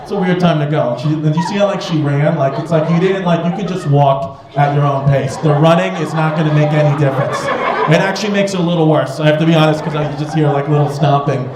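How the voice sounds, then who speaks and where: A man's voice: on the high side, fast. A man performing a stand-up comedy set, riffing with the audience in a rambling, profane way. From United States. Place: comedy club stage with a laughing audience. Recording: echoey club with loud crowd laughter.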